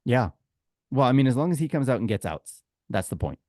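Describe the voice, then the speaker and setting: A man's voice: mid-range voice, sing-song, brisk, dark tone, no room sound, clean studio sound. A man with a Canadian accent co-hosting a podcast, chatty and joking, with firm opinions. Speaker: podcast co-host. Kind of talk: casual podcast chat.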